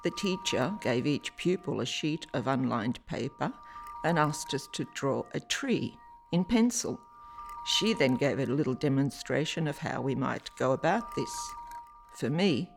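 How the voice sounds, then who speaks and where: A woman from Italy whose first language is Italian, an artist reading her own reflective personal narration in a measured, deliberate way with pauses. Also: very deep voice, expressive, gravelly, soft background music.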